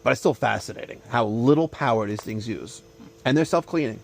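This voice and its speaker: This HVAC contractor and show host speaks at medium pitch, fairly quickly, with a creaky voice and a little hiss or hum in the audio. On his job-site vlog he chats casually, using salesy patter to promote the system he just put in.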